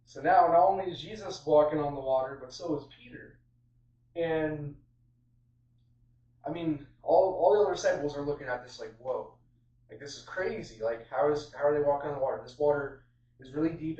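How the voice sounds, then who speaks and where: A man's voice: on the high side, dark tone. A man giving an informal sermon on a Bible passage, conversational and full of fillers and restarts. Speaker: preacher. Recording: roomy, distant, dull sound.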